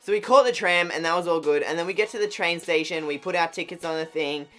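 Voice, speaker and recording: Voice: mid-range voice, fast talker, fairly bright tone, faint music behind. A young YouTuber with an Australian accent telling a casual storytime vlog in a rambling way, full of "like". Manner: rambling, heavy use of "like".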